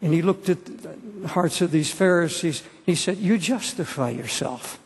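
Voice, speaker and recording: A man's voice: high-pitched, steady tone, moderate pace, darkish tone, breathy edge. A man in his seventies preaching an earnest sermon to a congregation, repeating phrases for emphasis. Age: 70s. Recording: long hall reverb.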